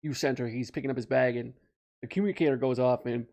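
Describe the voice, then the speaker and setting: Gravelly man tossing in slangy quips. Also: medium pitch, a little mellow. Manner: slangy, quick jokey quips. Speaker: podcast co-host. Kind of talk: casual recap chat.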